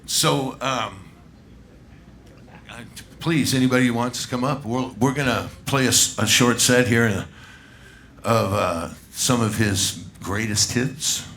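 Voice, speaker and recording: A man's voice: mid-range voice, slow, a bit bright, a little hiss or hum. A man, a bandleader emceeing a live tribute on a small pub stage, loose and coaxing with the crowd.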